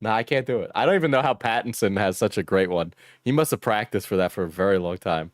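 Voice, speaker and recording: A man's voice: fairly low pitch, animated, quick pace, no echo, studio quality. A man streaming, chatting casually and joking crudely while reacting to a video.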